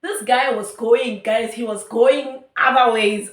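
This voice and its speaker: A woman's voice: a little high, brisk, few pauses. South african girl chatting a storytime, lots of "like", roomy sound. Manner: animated, chatty, many fillers. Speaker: YouTuber. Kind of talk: storytime vlog.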